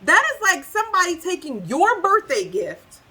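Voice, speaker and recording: Bright, emphatic woman tarot reader. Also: very high voice, wildly swooping pitch, normal speed, poor audio. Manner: emphatic, preachy, repeats phrases for effect; sassy, incredulous outbursts. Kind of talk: tarot reading to the viewer.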